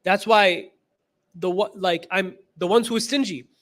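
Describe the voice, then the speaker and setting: A man's voice: high-pitched, unhurried, a bit bright. A man giving a class lecture as a religious teacher, emphatic and repeating key phrases, retelling stories with quoted dialogue.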